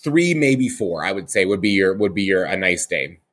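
A man's voice: low-pitched, animated, moderate pace, fairly bright tone. A man from Canada hosting a podcast, chatting in a casual, enthusiastic way. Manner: chatty and enthusiastic, with many fillers and restarts. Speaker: podcast host.

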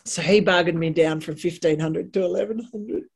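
An Australian woman with a gravelly, husky voice tells stories in a relaxed chat. She gets animated and acts out the people she quotes. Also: lowish voice, fairly quick. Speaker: guest. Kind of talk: casual storytelling.

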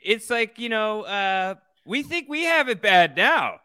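A man hosts a casual podcast with lots of energy and a playful streak. His voice is bright and smooth, and it moves up and down a lot. The recording is dry and close. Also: high-pitched, unhurried, no room sound. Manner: animated, promotional, jokey. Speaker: podcast host.

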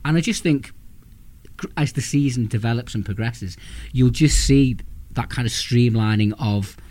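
A man's voice: mid-range voice, normal speed, darkish tone. A man co-hosting a casual football chat, giving thoughtful opinions with frequent hesitations and restarts. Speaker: podcast co-host.

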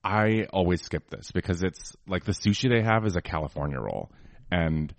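Low-voiced male co-host, chatty and opinionated, dry close sound. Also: animated, moderate pace, creaky, no echo. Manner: chatty, opinionated, many fillers. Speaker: podcast co-host. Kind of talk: casual chat.

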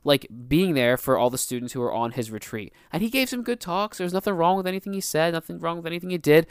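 A man's voice: on the high side, expressive, quick pace, smooth, no room sound, clean studio sound. A man co-hosting a casual faith podcast, a youth minister who tells stories earnestly and laughs often.

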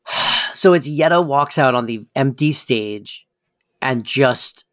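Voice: medium pitch, lively intonation, slow pace, a bit bright, dry recording, studio quality. A podcast co-host chatting casually and enthusiastically about a sitcom episode, with joking asides.

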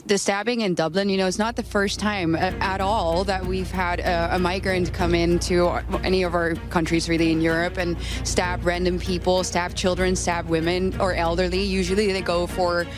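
Halting woman commentator over music. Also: fairly low pitch, little pitch movement. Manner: halting, with fillers and restarts. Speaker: commentator in a played clip. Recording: clip with music underneath.

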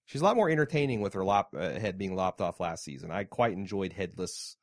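A man's voice: sits low, lively intonation, brisk, no echo, studio quality. Man joking through a TV show chat. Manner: jokey, reads listener mail aloud. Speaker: podcast co-host. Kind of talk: casual chat.

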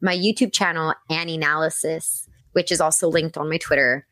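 Low-voiced woman, casual and chatty. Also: fairly even intonation, brisk, pushed and bright, no room sound. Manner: enthusiastic, rambling, many "like"s and "um"s. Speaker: podcast guest, voice actress and writer. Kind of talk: casual podcast chat.

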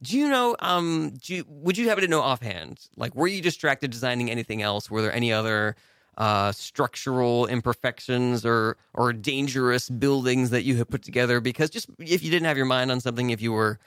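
A man's voice: medium pitch, a little fast, fairly bright tone, clean tone, no echo, clean studio sound. A man hosting a mock interview in an improv comedy bit, hesitant and full of fillers, with a wry tone.

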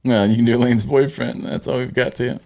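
A man's voice: mid-range voice, fairly even intonation, a little fast, vocal fry, a little mellow. A man hosting a casual sports podcast, joking with his co-hosts and laughing often. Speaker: podcast host.

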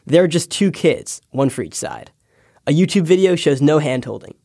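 A young man, a podcast intern, reading a scripted personal essay with wry, deadpan asides. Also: on the high side, moderate pace, creaky, no echo, clean studio sound. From United States. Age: young adult.

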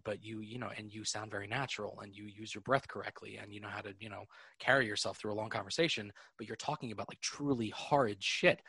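A man hosting a podcast in casual chat, excitable and rambling, swearing freely. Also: lowish voice, breathy edge, no echo, clean studio sound. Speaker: podcast host.

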